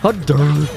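A young man giving excited, swearing live commentary on computer fights, laughing often and tripping over his words. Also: fairly high pitch. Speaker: gaming video host.

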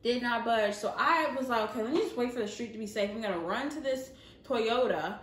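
A young woman with a Southern American accent, telling a casual storytime vlog in an animated way, laughing and using many fillers. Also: on the high side, a little fast. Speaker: vlogger. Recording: echoey room.

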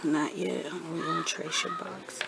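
A mother in her forties teaches her kindergartner at the kitchen table. Her voice sits low, with a gravelly fry. She speaks slowly and gently, repeating each handwriting step until the child gets it. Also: steady tone, heavy background noise. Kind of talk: patient one-on-one handwriting lesson. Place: at home indoors.

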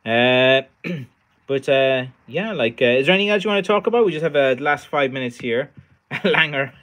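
This middle-aged Irish livestream host, who makes sticks, speaks in a slightly bright voice on the high side with lively intonation. He moves at a moderate pace with long pauses, chatting tiredly and rambling through fillers and restarts.

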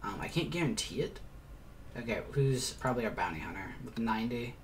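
A man's voice: mid-range voice, expressive, brisk, a little hiss or hum. Chatty man swearing over gameplay. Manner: chatty, explains as he plays, swears and mutters asides. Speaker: let's player. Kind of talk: casual gameplay commentary.

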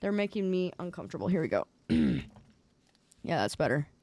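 Lively, playful woman streamer. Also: low-pitched, moderate pace, vocal fry, no room sound. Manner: playful, mock-indignant whining and teasing. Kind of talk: casual stream chat, reacting to memes.

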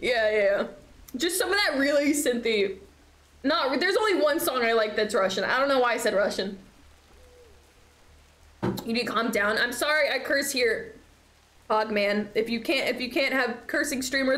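A woman's voice: on the high side, animated, normal speed, a bit bright. A young woman streaming a horror game, chatting and swearing as she plays, with nervous laughs. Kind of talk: live game commentary. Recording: echoey room, faint noise.

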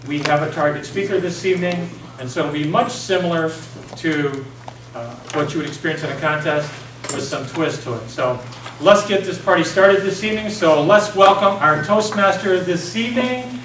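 A man with a fairly high voice opens a club evening in an upbeat, welcoming way. He sounds distant from the mic in an echoey meeting room. Steady background noise runs under his voice. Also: normal speed. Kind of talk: introducing a club seminar.

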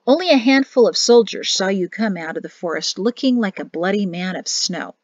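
A woman's voice: medium pitch, lively intonation, a little fast, no room sound, natural voice. A woman reading an earnest, respectful young male lieutenant in an audiobook. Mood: reporting. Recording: dull dry home recording.

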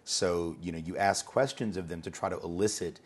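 Deep-voiced guy being interviewed, chatty storyteller, kinda husky. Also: fairly even intonation, a little fast. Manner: anecdotal, repeats words when starting a thought. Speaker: interview guest, educator.

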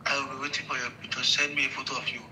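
Terse, bright-toned man on a call. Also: medium pitch, level tone, very fast, slight background noise, poor audio. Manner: terse, broken phrasing. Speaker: scammer on a call. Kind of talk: phone conversation.

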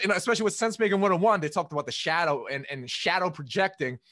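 A woman's voice: lowish voice, expressive, rapid-fire, hardly any pauses, a bit bright. A woman hosting a podcast, agreeing with her guest and sharing her own experience. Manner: brief agreeing backchannels. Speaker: podcast host. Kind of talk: conversational podcast interview.

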